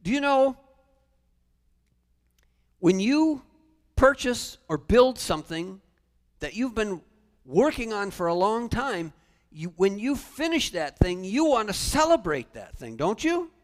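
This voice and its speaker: A male pastor preaching a sermon in a church sanctuary, animated, with humorous asides. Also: high-pitched, takes it slowly, long pauses. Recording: long church reverb.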